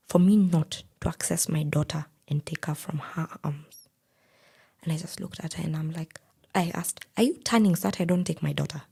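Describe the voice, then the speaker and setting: A young woman with a Kenyan accent recounts her own story in a breathy, half-whispered, intense voice. Her tone sits low and dark, with a heavy gravelly rasp and a very husky edge. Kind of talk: personal storytelling.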